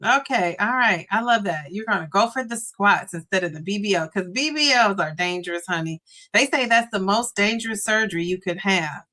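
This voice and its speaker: A woman's voice: mid-range voice, lively intonation, a little fast, pushed and bright. A middle-aged woman hosting a casual livestream, chatting, laughing often and reading viewer comments aloud. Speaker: livestream host reading chat. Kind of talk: casual live chat.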